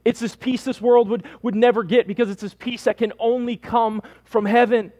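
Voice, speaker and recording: A man's voice: extremely high pitch, level tone, moderate pace, a little mellow. A male pastor delivering a sermon to listeners at home, repeating his points for emphasis and often calling them "man".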